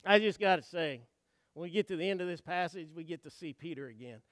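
A preacher with a fairly high voice and lively intonation talks quickly, telling folksy stories and questioning his congregation. He swings from hushed asides to loud, emphatic outbursts, recorded in clean studio quality with no echo.

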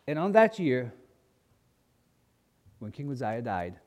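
A man preaching a sermon, telling a Bible story and a childhood memory with lively acted-out voices. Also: medium pitch, slow pace, in a large hall. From grew up as a missionary kid in a mission. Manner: animated storyteller, acting out voices in quotes.

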